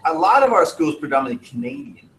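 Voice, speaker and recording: A man's voice: a little high, sing-song, fast talker, a bit bright, reverberant, poor audio. A man teaching a class in a casual, digressive, joking way. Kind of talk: classroom lesson.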